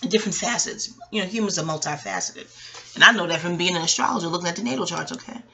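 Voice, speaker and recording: A woman's voice: on the low side, quick pace, creaky, bright, forceful tone. A woman podcast host and astrologer talking in a rambling, digressive chat, swearing freely. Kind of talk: casual chat.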